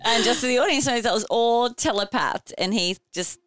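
A woman's voice: on the high side, moderate pace, fairly bright tone, no echo. A woman playing a tabletop role-playing game, chatting casually and animatedly as she narrates what her character does. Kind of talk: casual role-play chat.

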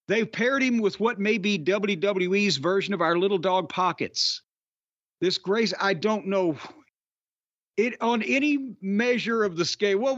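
High-voiced, profane, sardonic man. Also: fairly bright tone, no room sound. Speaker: podcast host. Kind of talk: casual wrestling podcast chat. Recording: slightly dull, dry podcast audio.

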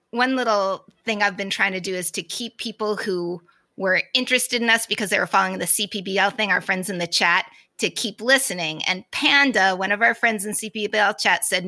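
A woman co-hosts a casual baseball talk show with a gravelly, fry-laden voice. Her tone is bright and forceful, her manner earnest and informative, and the sound is dry and close. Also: mid-range voice, no room sound. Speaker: podcast co-host. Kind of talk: casual sports chat.

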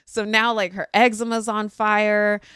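A woman, a parenting podcast host telling a story casually and acting out quoted voices with sudden pitch jumps. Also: level tone, measured pace, fairly bright tone, smooth, dry recording, studio quality.

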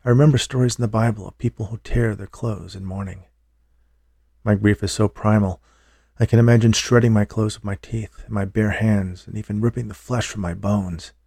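A man narrates a first-person audiobook with a somber, measured delivery. His voice sits low and has a gravelly edge. The tone is dark, and the recording is dry and close. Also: steady tone, no room sound.

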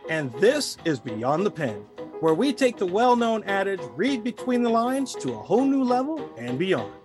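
A podcast host, a man with a lively, swooping voice who reads a polished intro and then jokes around easily with his co-host. Faint music sits underneath. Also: high voice, normal speed. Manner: upbeat, lively, playful. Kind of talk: scripted intro then casual chat.

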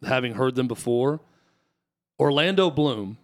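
Male co-host, mid-pitch voice, casual musing talk. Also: expressive, a little slow. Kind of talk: casual chat.

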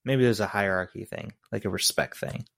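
A man's voice: fairly low pitch, brisk, vocal fry, a bit bright. A man co-hosting a casual movie podcast, chiming in and asking questions. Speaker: podcast co-host.

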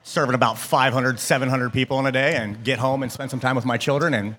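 Man, middle-aged, chef, from Ohio, mid-pitched voice, hesitant, many ums and restarts. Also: steady tone, fast, fairly bright tone. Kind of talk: on-air interview answers.

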